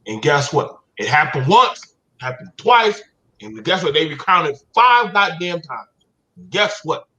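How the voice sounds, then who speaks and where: A man hosting a rowdy live call-in debate. He swears freely and sounds exasperated, cutting in over callers. His voice is bright and forceful, heard through a dull, lo-fi feed. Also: fairly high pitch, very animated, unhurried. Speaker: live stream host.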